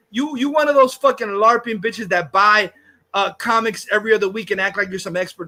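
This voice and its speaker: A man's voice: high voice, fairly quick, sharp tone. A man hosting a livestream, ranting casually in a heated, profane, insulting way. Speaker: livestream host.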